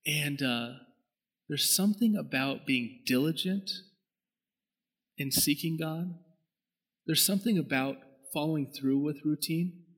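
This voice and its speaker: A man's voice: fairly high pitch, moderate pace, a bit bright, husky, poor audio. A man, preaching a sermon as pastor in a conversational, storytelling way that rises into emphatic bursts.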